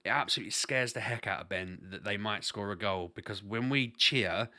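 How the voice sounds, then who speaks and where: A man's voice: on the low side, brisk, sharp tone. A man talking casually to camera as a parent vlogger, earnest and rambling, often restarting his sentences.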